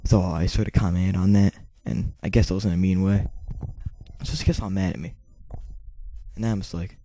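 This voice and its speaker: A teenage boy telling a rambling story to camera, with lots of fillers, restarts and swearing, his volume swinging between quiet and loud. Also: low-pitched, fairly quick. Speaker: vlogger. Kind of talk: casual storytelling monologue.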